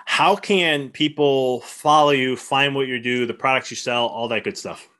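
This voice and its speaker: Bright, enthusiastic male podcast host. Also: medium pitch, moderate pace. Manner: enthusiastic, rambling with many restarts. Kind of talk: casual interview chat.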